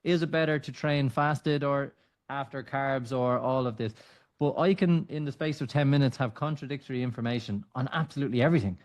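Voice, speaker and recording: A man's voice: mid-range voice, fairly quick. A male podcast host with an everyday mid-range voice, joking with a guest before moving into long, rambling questions. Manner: teasing, asks long questions. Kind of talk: casual interview chat.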